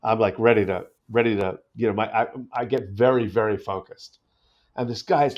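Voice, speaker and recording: A middle-aged actor from New York, a podcast guest who tells anecdotes in a rambling way with many restarts. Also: male voice, fairly low pitch, a little fast. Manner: rambling, frequent restarts, storytelling. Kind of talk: casual interview anecdotes. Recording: slightly dull lo-fi podcast audio.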